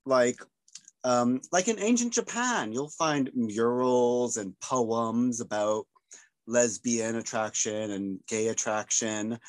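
Animated American male podcast host, expressive pitch, dry close sound. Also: no echo. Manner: animated, jokey, tangents. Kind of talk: casual podcast discussion.

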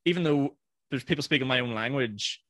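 Northern Irish male host, quick and chatty, dry close sound. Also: medium pitch, sharp tone, no echo. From Northern Ireland. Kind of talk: casual conversation.

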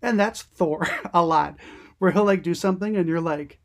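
A woman co-hosting a relaxed podcast chat. She talks in loose, rambling stretches, full of ums and quick restarts, and she laughs often as she goes. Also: on the low side. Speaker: podcast co-host. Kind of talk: casual chat.

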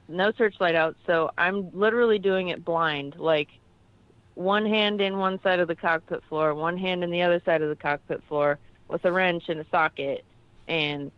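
Woman, army veteran, podcast guest, animated storyteller, dry close sound, dull lo-fi audio. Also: clear, resonant tone, dry recording. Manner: animated storyteller, quotes herself in a high yelp. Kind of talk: casual anecdote on a podcast.

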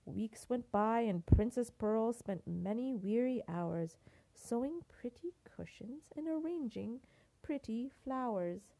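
Older woman, grandmother, picture book read-aloud, expressive, mellow, lively pitch. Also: gravelly. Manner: expressive, unhurried.

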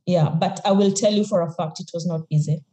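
A woman's voice: fairly low pitch, fairly even intonation, a little fast, dark tone. A young Kenyan woman, a podcast guest, talking candidly and reflectively with frequent laughs and restarts. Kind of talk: podcast interview. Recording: echoey room.

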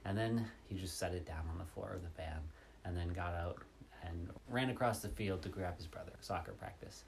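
A man telling a light story in casual chat with friends, breaking into loud laughter. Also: low voice, fairly quick, creaky, slight background noise. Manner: lively, laughs loudly and often.

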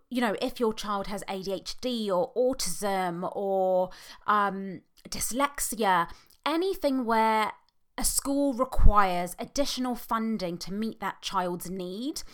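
A British woman, a parent and hypnotherapist, talking through a personal podcast monologue in an earnest, heartfelt way with halting pauses and fillers. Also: mid-range voice. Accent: British English.

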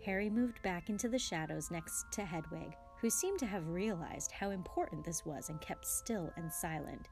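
A woman guest reader reading a children's novel aloud, dropping to whispers and rising to shouts for the characters. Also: lowish voice, animated, moderate pace, few pauses, soft background music.

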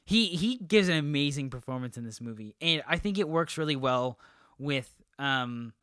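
A man's voice: on the high side, expressive, normal speed, pushed and bright, clean tone, dry recording, clean studio sound. A man co-hosting a movie podcast, chatting casually with many ums and restarts. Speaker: podcast co-host. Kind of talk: casual chat.

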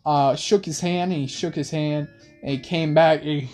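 A young man hosting a rambling late-night monologue in laid-back slang, with soft music playing behind him. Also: a little high, a little slow. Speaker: host. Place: in a car.

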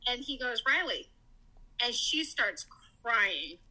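A woman with a very bright, slightly high voice tells an emotional story as a podcast guest. She talks animatedly and acts out the people she quotes. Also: normal speed, rough recording. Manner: animated, quoting others in lively voices. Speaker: guest, mother.

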